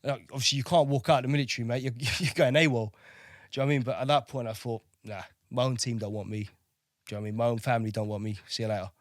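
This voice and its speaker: Male navy veteran, thirties, mid-pitched, candid and profane, dry close recording. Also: fairly even intonation, racing, hardly any pauses, no room sound. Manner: blunt, swears freely, keeps asking "do you know what I mean". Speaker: podcast guest, navy veteran.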